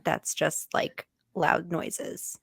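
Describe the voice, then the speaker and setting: A woman's voice: low voice, flat delivery, very slow, vocal fry, breathy edge, no room sound. Laughing skeptical young woman, dry close sound. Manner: skeptical, laughs often, many "like" fillers. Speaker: co-host of a reaction channel. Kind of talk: casual reaction chat.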